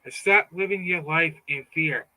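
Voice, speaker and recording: Fired-up man with a bright, forceful voice. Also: a little high, normal speed, rough recording. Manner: fired-up, repeats words, taunting. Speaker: political commentator. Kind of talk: casual monologue.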